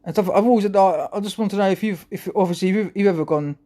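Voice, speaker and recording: A man's voice: sits high, fast, warm tone. A man talking to camera in a rambling, chuckling monologue full of restarts. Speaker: vlogger.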